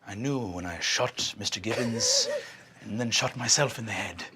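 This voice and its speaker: A man playing a profane, manic, centuries-old male wizard headmaster in a tabletop game, ranting and shouting. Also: very high voice, very animated, normal speed, pitched above the performer's own voice, full character voice. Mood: hushed solemn. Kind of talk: tabletop role-play acting. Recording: music playing behind.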